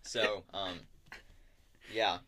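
A man with a fairly low voice runs a tabletop game, narrating scenes in a casual, halting way. He pauses often and fills gaps with likes and ums. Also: fairly even intonation, noisy background. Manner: hesitant, many fillers and likes. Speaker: game master.

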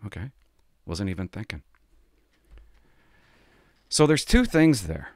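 A middle-aged man, a former police officer, telling a story from his work in a casual, animated way. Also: lowish voice, takes it slowly, no room sound. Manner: animated, acts out the people he quotes.

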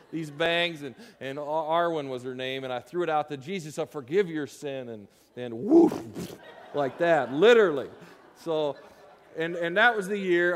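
A man preaching a sermon, telling a story to his congregation, with loud bursts and hushed asides. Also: fairly high pitch, long reverb tail. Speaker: pastor. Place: church sanctuary.

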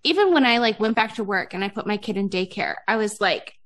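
A woman in her thirties hosts a podcast and chats casually, talking fast in a medium-pitched, fairly bright and expressive voice. She laughs often and sprinkles "like" throughout her talk.

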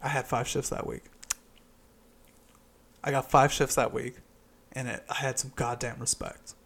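A young man hosting a podcast tells a heated, profanity-filled story, shouting out loud quoted outbursts as he chats. His mid-range voice stays fairly flat in pitch and runs a little slow, and the laptop recording is poor.

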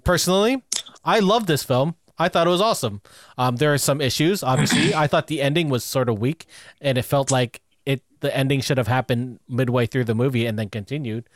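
Relaxed man hosting casual chat. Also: mid-range voice, fairly quick, no echo, clean studio sound. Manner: relaxed, steers the talk with questions. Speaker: podcast host.

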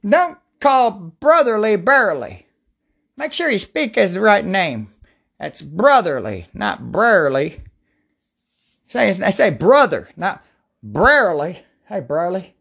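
A woman leading prayer and Bible talk at home on a livestream, excitable and rambling, repeating herself and bursting out loud. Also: mid-range voice. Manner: repetitive, excitable, rambling, prone to outbursts. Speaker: self-styled preacher leading prayer and Bible study.

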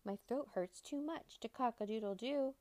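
A woman voicing a male rooster with a sore throat, sounding hoarse and worried, in a children's storybook reading. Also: a little high, normal speed, warm tone, no room sound, pitched above the performer's own voice, close to an everyday voice. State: hoarse, coughing.

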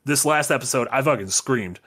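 Man, podcast co-host, casual and animated, bright voice. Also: medium pitch, a little fast, slightly rough. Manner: enthusiastic, animated recapping. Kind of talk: casual chat.

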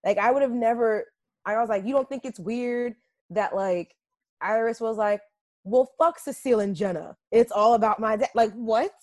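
A woman co-hosting a podcast in casual chat, animated and acting out quotes in voices. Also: fairly high pitch, normal speed, dry recording. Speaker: podcast co-host.

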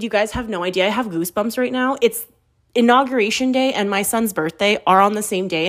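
Thirties woman, podcast host, animated confessional storyteller who pokes fun at herself. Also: medium pitch. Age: 30s. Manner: animated, candid, self-mocking storytelling. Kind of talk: casual confessional chat.

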